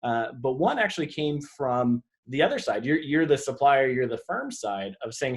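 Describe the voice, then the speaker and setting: A man's voice: medium pitch, sing-song, normal speed, few pauses. A man hosting and moderating a webinar over a video call, speaking conversationally with fillers and restarts.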